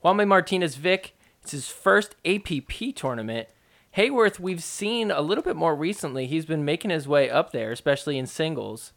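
A man's voice: a little high, expressive, normal speed, creaky, fairly bright tone. A man hosting a podcast, giving a casual, joking play-by-play recap of matches and poking fun at the referees. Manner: joking, mocks referees in quoted asides.

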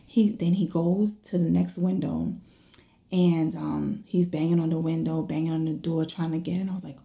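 A woman in her thirties casually telling viewers a story, animated, acting out the voices and dropping into whispers. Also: on the low side, moderate pace, gravelly. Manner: animated, acts out her own and others' voices, drops to whispers.

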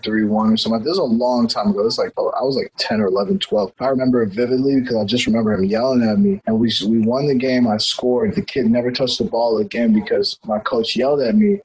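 A man's voice: lowish voice, a little mellow, slightly rough, rough recording. A man casually telling a long personal story, rambling with many fillers and restarts. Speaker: guest telling life story.

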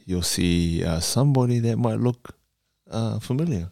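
A man's voice: fairly low pitch, expressive, normal speed, creaky, warm tone, dry recording, studio quality. A man hosting a podcast, blunt and swearing casually, calling his guest "bro". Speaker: podcast host.

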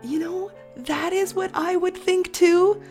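A woman's voice: extremely high pitch, steady tone, slow pace, darkish tone, soft background music. A woman hosting a podcast in casual chat, self-mocking and laughing often. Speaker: podcast host.

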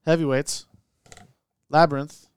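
A young man co-hosting a movie podcast, talking in a playful, excitable way. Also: a little high, unhurried, smooth, dry recording. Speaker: podcast co-host. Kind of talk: casual chat.

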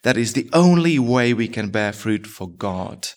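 A man's voice: on the low side, lively intonation, a little slow. A man preaching a sermon as pastor, asking his congregation rhetorical questions.

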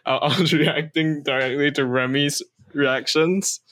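A man's voice: a little high, fairly even intonation, unhurried, fairly bright tone, dry recording. A man chatting casually as a tabletop player, giggly and rambling, often interrupting himself. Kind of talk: casual chat.

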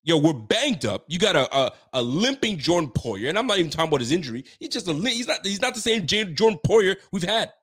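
A man's voice: sits high, sing-song, fast, hardly any pauses, fairly bright tone, husky. A man from Ontario hosting a sports show, venting heatedly after a game with frequent cursing. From Ontario, Canada. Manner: heated, profane, fired-up venting. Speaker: sports podcast host. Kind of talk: postgame rant.

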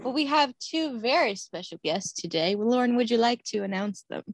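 A woman's voice: a little high, lively intonation, normal speed, no room sound. A young woman co-hosting a podcast, with a slight twang and an announcer-like voice, chatting casually. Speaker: podcast co-host. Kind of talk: casual chat.

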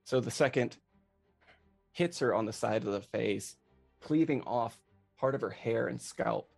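A man's voice: mid-range voice, unhurried, gravelly, darkish tone, faint music behind. A man narrating a tabletop game as game master, teasing the players and laughing easily.

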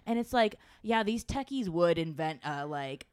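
A woman on a podcast in casual, animated chat, swearing and laughing often. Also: on the low side, moderate pace, smooth, no echo, clean studio sound.

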